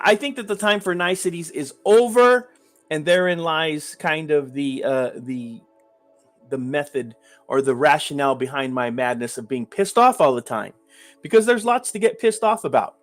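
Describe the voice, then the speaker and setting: A man's voice: a little high, lively intonation, moderate pace, soft background music. Ranting man live streaming. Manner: emphatic, repetitive ranting with mock chat banter. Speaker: livestream host. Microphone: webcam framed at the beard.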